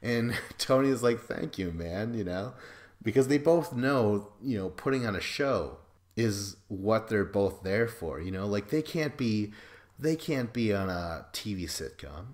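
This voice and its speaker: Rambling, profane low-voiced man. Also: lively intonation, a little slow. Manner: profane, rambling, jokey with quoted asides. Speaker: podcast host. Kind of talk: casual recap chat.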